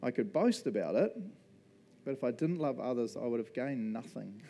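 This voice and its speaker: A man preaching a casual, conversational sermon as pastor, laughing often and making quick asides during a church service. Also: mid-range voice, lively intonation, mellow, soft background music.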